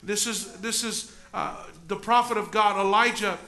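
A man preaching a sermon as pastor in a church, dropping from loud preaching to hushed talk and back. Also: high-pitched, fairly even intonation, normal speed, roomy sound. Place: church sanctuary.

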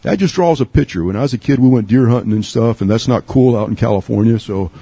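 A middle-aged man from Texas preaching a sermon, earnest, with repeats and restarts, rising high to urge and sinking low and quiet. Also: fast, breathy edge, no echo. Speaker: pastor.

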